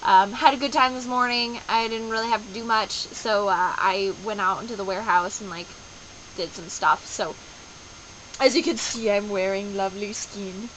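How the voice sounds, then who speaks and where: A young adult woman chatting in a casual daily video diary, rambling and animated, dropping into playful voices as she tells stories. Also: on the high side, moderate pace, slight background noise, poor audio. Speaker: vlogger.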